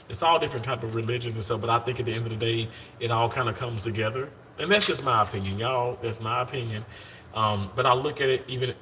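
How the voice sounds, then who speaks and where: He's in his thirties, a surgical worker live streaming from a hospital, talkative and cheerful, saying y'all to viewers and restarting sentences often. The mid-range voice is a bit bright, over a little hiss or hum.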